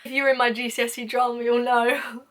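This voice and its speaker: A young woman telling a funny story to camera in a casual, lively way, acting out what people said. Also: fairly high pitch, quick pace. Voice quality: lively, acts out quoted lines with sudden whispers and laughs. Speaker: vlogger.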